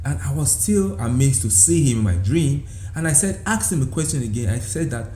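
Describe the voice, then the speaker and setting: Man with a dark voice in an echoey room. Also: medium pitch, animated, brisk, hardly any pauses. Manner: repetitive, often saying "all right". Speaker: church leader sharing a dream. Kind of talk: direct-to-camera religious talk. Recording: echoey room with faint background noise.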